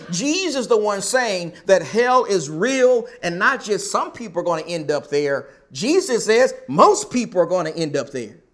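A man with a high, light speaking voice delivers a sermon from the pulpit. He drives each point home emphatically, circling back to repeat it again and again. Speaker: pastor.

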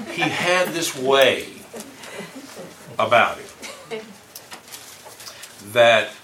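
A man teaching an informal Bible class in a folksy, conversational way, asking his listeners questions. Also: mid-range voice. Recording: roomy distant room mic, faint noise.

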